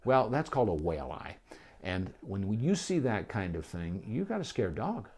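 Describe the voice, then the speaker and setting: Brief: male vet teaching dog owners, animated delivery, lowish voice that swings wide, goes quiet for gentle praise. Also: normal speed, breathy edge. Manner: animated, with many restarts and asides; drops to a soft voice for calm praise. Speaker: veterinarian. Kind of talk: casual instructional talk to camera.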